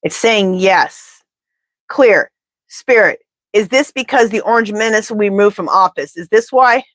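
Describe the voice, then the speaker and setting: A woman's voice: medium pitch, normal speed, no echo. A woman tarot reader in casual live-stream chat, rambling and talking straight to her viewers.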